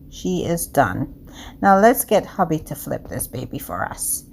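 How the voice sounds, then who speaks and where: A woman's voice: low-pitched, very animated, a little slow, creaky, darkish tone, slight background noise. A woman with an accent, chatting upbeat to viewers as she demonstrates a home baking recipe. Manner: upbeat, talks straight to viewers as "guys"; speaks with a non-native accent of English. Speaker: home cooking vlogger.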